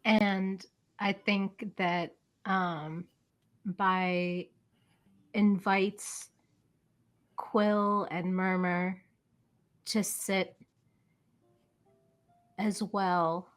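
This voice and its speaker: A woman playing in a tabletop game, describing her character in a halting, thoughtful way. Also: mid-range voice, little pitch movement, faint music behind. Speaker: player.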